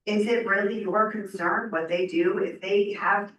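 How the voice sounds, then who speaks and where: A woman's voice: medium pitch, steady tone, measured pace, a bit bright, dull audio. A woman in the audience at a town meeting pressing the candidates with a question, her voice a little worn. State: slightly lost voice. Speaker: resident asking a question. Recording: distant voice in a very echoey hall, faint room noise.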